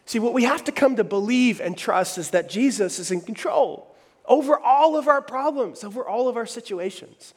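A man preaching a sermon in a church hall, emphatic, swinging between loud and hushed lines and asking the audience questions. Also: very high voice, lively intonation, normal speed. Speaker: pastor.

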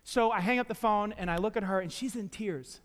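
Middle-aged male pastor, high voice, storytelling sermon, joking asides, long hall echo. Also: a little fast. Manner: animated storytelling with self-deprecating asides and restarts. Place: church sanctuary.

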